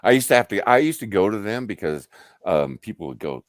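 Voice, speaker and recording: A man's voice: on the low side, brisk, dry recording, studio quality. A middle-aged man casually telling work stories on a livestream, swearing freely and acting out what people said. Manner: profane, animated storyteller acting out quotes. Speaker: livestream host. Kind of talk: casual storytelling chat.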